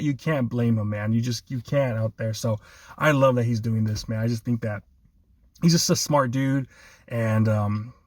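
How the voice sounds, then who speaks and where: A man hosts a loose sports conversation at a middle pitch, chuckling between points and leaning on "man" as he goes. His voice sits in a dry, close space with little room sound. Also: darkish tone, dry recording. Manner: laughs often, enthusiastic, repeats 'man'. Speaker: sports podcast host. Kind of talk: casual sports chat.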